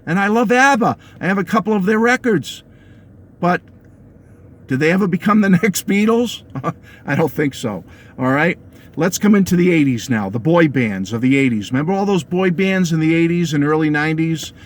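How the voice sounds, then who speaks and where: Chatty New England man, slightly high voice. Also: lively intonation, normal speed, slight background noise. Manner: chatty, laughs often, keeps checking in with the viewers. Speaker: music vlogger. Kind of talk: casual opinionated monologue to camera.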